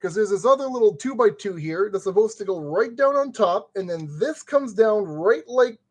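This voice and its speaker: A man's voice: high-pitched, animated, moderate pace. A man streaming as he builds a kit, muttering to himself with playful, goofy made-up exclamations, sweaty in the summer heat. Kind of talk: casual live-stream commentary.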